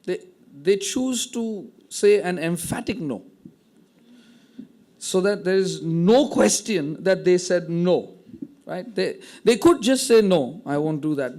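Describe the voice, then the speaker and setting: A man preaching a sermon, retelling a story with animated acted-out quotes and frequent word restarts. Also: sits high, a little slow. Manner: repeats words when restarting. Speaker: pastor.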